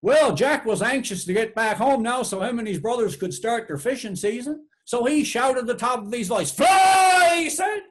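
A man's voice: extremely high pitch, moderate pace, few pauses. A man with a Newfoundland accent telling a folk tale aloud, folksy and rhythmic, with many repeated tags. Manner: folksy, rhythmic, repeats "she said" and "sure enough". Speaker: storyteller.

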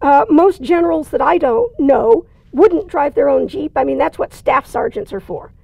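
High-voiced woman lecturing on writing. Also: expressive, moderate pace, creaky, dark tone, dry recording. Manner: plain, conversational explaining with dry asides. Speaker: writing instructor. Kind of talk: recorded lecture.

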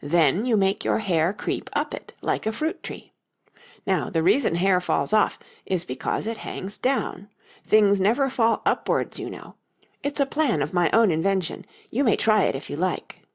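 A woman's voice: mid-range voice, very animated, measured pace, husky, exaggerated voice. A woman voicing a fussy, earnest old male knight inventor in an audiobook reading. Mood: anxious. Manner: earnest, anxious, solemn.

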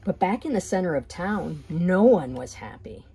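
A woman reading a children's picture book aloud with gentle, expressive pacing. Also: lowish voice, moderate pace, husky. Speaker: storyteller.

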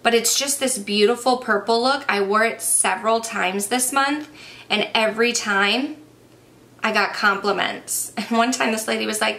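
A woman's voice: a little high, moderate pace, vocal fry, sharp tone. A young woman chatting casually and enthusiastically through a makeup review, a little out of breath. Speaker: beauty vlogger.

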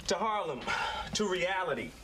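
An actor playing a playful, eager sitcom father who talks in an animated, joking way. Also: high-pitched, normal speed, background noise. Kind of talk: sitcom acting. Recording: TV audio with studio audience laughter.

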